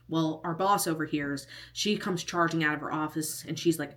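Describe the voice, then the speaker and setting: A young woman with a slightly low voice tells a personal storytime on her vlog. She talks casually and animatedly, laughing often as she recounts what happened. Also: normal speed, hardly any pauses, a bit bright. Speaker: vlogger.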